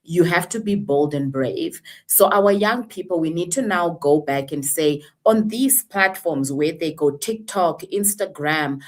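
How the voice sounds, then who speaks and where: Low-voiced woman, impassioned panel speaker. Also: lively intonation. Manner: earnest, rhetorical, drawn-out emphasis.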